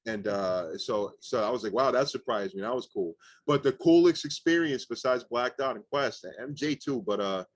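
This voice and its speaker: A young man, a rapper and guest, telling animated stories casually with lots of fillers and swearing. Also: medium pitch, normal speed, few pauses, dry recording. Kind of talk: casual storytelling interview.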